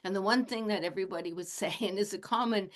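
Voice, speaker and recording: A woman in her late sixties, a shamanic teacher, talking in a gentle, casual teaching manner and chuckling often. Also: mid-range voice, fast talker. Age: 60s. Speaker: shamanic teacher and animal communicator.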